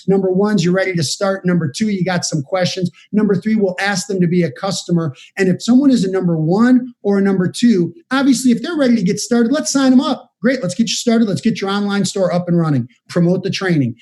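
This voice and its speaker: A man with a rather high voice leads a motivational business training over a video call. He talks with energy and speaks straight to his listeners, coaching them step by step. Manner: energetic, direct, coaching the audience. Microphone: video call setup.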